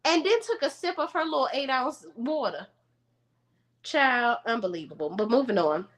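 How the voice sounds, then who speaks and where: A woman's voice: fairly high pitch, moderate pace. A woman, chatting casually and sassily to camera at home as she recaps a reality show. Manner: chatty, sassy, animated asides to viewers. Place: room at home.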